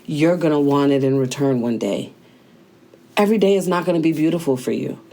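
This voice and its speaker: A woman's voice: deep voice, fairly quick, mellow. A woman hosting a motivational daily talk, speaking casually and conversationally with slang, straight to the listener. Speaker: host.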